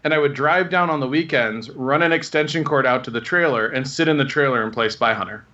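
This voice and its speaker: Animated storytelling man, bright lo-fi sound. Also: medium pitch, fairly quick. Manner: rambling, animated anecdotes with acted quotes. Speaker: guest telling stories. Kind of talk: casual storytelling.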